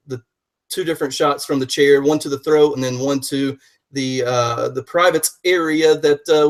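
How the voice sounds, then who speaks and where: A man with a Southern US accent, co-hosting a casual wrestling podcast in a folksy way, with homey sayings. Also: medium pitch. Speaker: podcast co-host.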